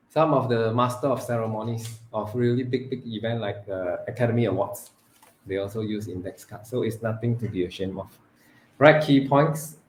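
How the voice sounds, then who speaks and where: A man, training students in public speaking, who swings between loud emphasis and hushed delivery and stretches words for effect. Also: on the low side, a little hiss or hum. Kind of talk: live training talk.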